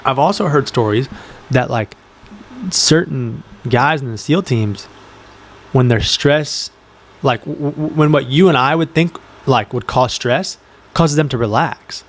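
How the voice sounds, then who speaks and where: A man's voice: medium pitch, unhurried. A young man co-hosting a casual podcast, rambling with lots of fillers and acting out quotes as he tells stories. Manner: rambling, filler-heavy, animated storytelling with acted-out quotes. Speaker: podcast co-host. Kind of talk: casual chat. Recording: faint background noise.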